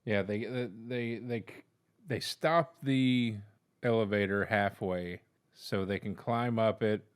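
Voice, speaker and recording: A man's voice: lowish voice, slow, clear, resonant tone. A man co-hosting a casual episode review, blunt and laid-back, swearing now and then. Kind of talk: casual chat.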